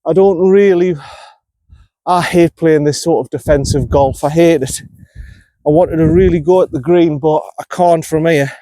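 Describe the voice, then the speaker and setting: A man's voice: fairly high pitch, dark tone, no echo. A man, vlogging his golf round outdoors, talking himself through each shot and getting annoyed at his own play. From North East England. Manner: frustrated, self-critical, talks himself through shots. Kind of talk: on-course golf commentary.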